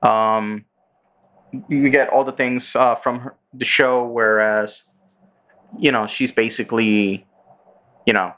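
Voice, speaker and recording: A man's voice: medium pitch, fairly even intonation, takes it slowly, pauses often, fairly bright tone. Male podcast host, loose rambling recap, fillers, acts out quotes. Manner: rambling, filler-heavy, acts out character lines. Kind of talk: casual chat, recapping a show.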